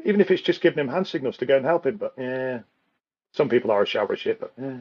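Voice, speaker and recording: A man hosting a casual podcast chat, telling animated stories, acting out other drivers and laughing often. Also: medium pitch, fast talker, highs cut off. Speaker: podcast host.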